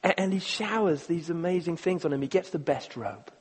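Guy preaching a sermon, kinda high breathy voice, stops and restarts a lot, big hall echo. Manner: earnest, halting, repeats words, swings from loud to hushed. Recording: long reverb of a large hall.

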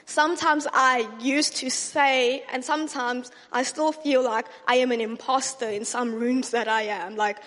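A high-voiced woman preaches in an earnest, unhurried way and repeats key phrases for emphasis. Her voice rings with a long reverb. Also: steady tone, a bit bright. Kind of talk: sermon teaching.

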